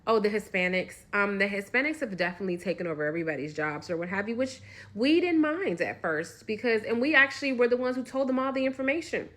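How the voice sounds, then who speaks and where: A woman's voice: medium pitch, animated, fast, fairly bright tone. A woman giving opinionated, rambling casual commentary.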